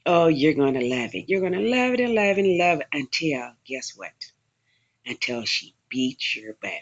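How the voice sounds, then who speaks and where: A woman's voice: low voice, very animated, moderate pace. A woman shares stories from her time behind bars in a loose, conversational way. She leans hard on repetition, saying the same warning over and over for emphasis. The recording sounds dull and lo-fi. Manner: emphatic, warning, repeats phrases for effect. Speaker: former inmate telling prison stories. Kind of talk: casual storytelling to camera.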